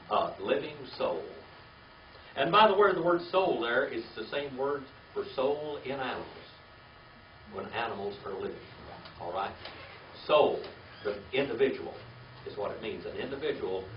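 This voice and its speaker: This Bible teacher leads a small class, questioning them and repeating key words, with a steady "all right?" after each point. His medium-pitched voice moves at a normal speed with long pauses. A distant mic picks him up across an echoey room, dull and lo-fi, with faint hiss beneath.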